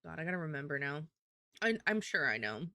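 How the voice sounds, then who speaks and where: A woman's voice: low-pitched, big pitch swings, brisk, sharp tone, no room sound, clean studio sound. A woman streamer chatting casually and thinking aloud while she draws. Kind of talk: casual live-stream chat while drawing.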